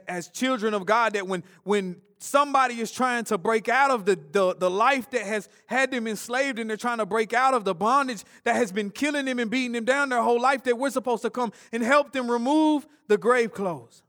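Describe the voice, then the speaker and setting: A high-pitched man delivers a church sermon. He swings between loud, urgent passages and hushed, intense ones, often stumbling over and repeating words as he presses his point. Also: normal speed, hardly any pauses. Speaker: preacher.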